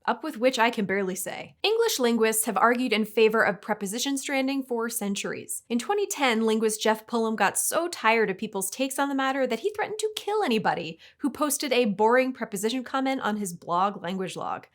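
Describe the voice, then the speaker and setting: Lively woman hosting a grammar explainer. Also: fairly high pitch, fairly quick, few pauses. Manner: lively, playful, wry delivery. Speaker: host. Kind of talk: scripted explainer narration.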